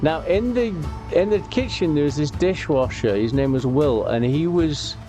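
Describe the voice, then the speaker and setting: Guy rambling through a game playthrough, lots of ums, game music going loud behind him. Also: on the high side, animated, normal speed. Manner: rambling, many fillers and restarts. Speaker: gaming YouTuber. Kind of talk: casual gameplay commentary and storytelling.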